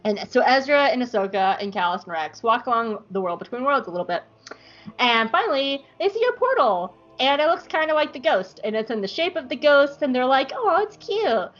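A woman podcast co-host retelling a fan story in a casual, giggly, animated way. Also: sits high, brisk, faint music behind. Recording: dull lo-fi podcast audio.

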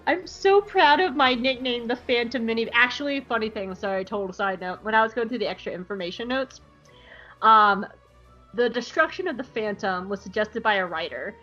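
A woman's voice: fairly high pitch, moderate pace, dull audio, soft background music. A woman podcast host recapping an episode in casual, joking chat. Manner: animated, joking, irreverent.

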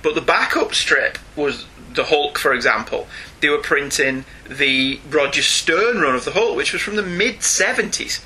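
A man's voice: on the high side, pushed and bright, slight background noise. A middle-aged British man co-hosting a podcast, reading out listener emails in a chatty manner with frequent laughs. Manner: chatty, slows down and laughs often. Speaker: podcast co-host.

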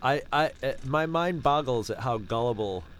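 A man's voice: medium pitch, moderate pace, rough recording. A man co-hosting a podcast, telling a sarcastic, profane story in casual, rambling chat. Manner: animated, rambling with restarts. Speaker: podcast co-host.

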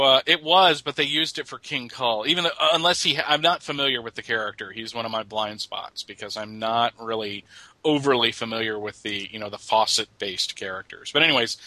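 A man's voice: mid-range voice, bright, forceful tone, no echo, rough recording. A middle-aged man co-hosting a podcast, chatting casually about comics and joking as he reads. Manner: joking, laughs at his own lines. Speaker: podcast co-host.

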